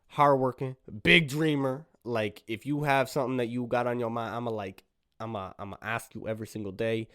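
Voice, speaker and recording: A man's voice: medium pitch, no room sound, clean studio sound. Rambling, slangy young man podcasting solo. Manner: rambling and playful, slangy, with sudden loud bursts. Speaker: podcast host. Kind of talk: casual solo podcast monologue.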